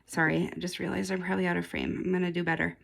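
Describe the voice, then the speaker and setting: A woman's voice: on the low side, level tone, racing, vocal fry. A woman in her forties, a nail polish vlogger, rambling casually to camera with lots of ums and frequent laughs. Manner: rambling, chatty, laughs often, many ums.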